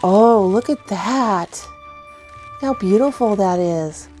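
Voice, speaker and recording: A middle-aged woman chatting casually as she unboxes giveaway gifts, gushing with excited oohs and soft gasps. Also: mid-range voice, slow, soft background music. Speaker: vlogger unboxing a giveaway box.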